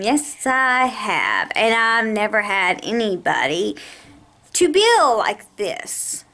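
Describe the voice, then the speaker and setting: Exasperated woman with a lively, animated voice. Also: medium pitch, takes it slowly. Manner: heated, exasperated storytelling with raised voice. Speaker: vlogger. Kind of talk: angry personal rant to camera.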